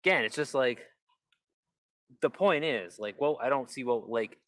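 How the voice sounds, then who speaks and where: A man's voice: medium pitch, animated, moderate pace, a bit bright, no echo. A man live-streaming in rambling casual chat, full of "like" fillers and restarts. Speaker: livestreamer.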